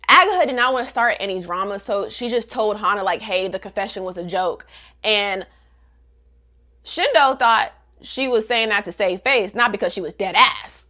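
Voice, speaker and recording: Sassy woman host, lively and bright, slangy comic commentary. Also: on the high side. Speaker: manga reviewer. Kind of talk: casual comic recap.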